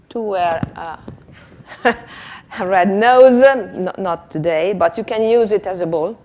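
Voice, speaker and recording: A woman's voice: medium pitch, darkish tone. A woman leads a teacher workshop on a handheld microphone, working through her points unhurriedly. She talks with many small hesitations and laughs at her own efforts. Faint noise sits under her voice. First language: Italian. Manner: hesitant, chatty, laughs at herself. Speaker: teacher trainer. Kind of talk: workshop lesson demonstration.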